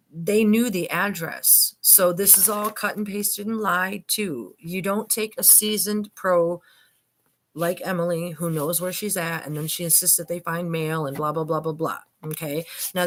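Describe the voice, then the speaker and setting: An older woman vlogger giving casual commentary on documents, chatty and emphatic, often addressing viewers as "you guys". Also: lowish voice.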